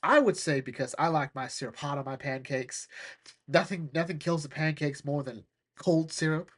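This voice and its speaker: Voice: mid-range voice, normal speed. A podcast host retelling a cartoon episode for laughs, rambling and joking with frequent asides. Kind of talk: comedic cartoon recap.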